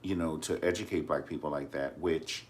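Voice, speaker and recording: With a very deep, steady voice at normal speed, a man vlogs casually about celebrity news. He addresses viewers as honey and keeps the tone sassy and dramatic.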